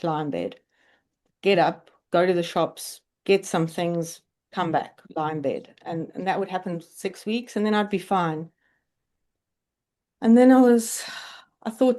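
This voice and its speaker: Candid, low-voiced woman in her forties. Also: a little mellow. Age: 40s. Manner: candid, earnest storytelling. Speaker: podcast guest. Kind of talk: personal story in conversation.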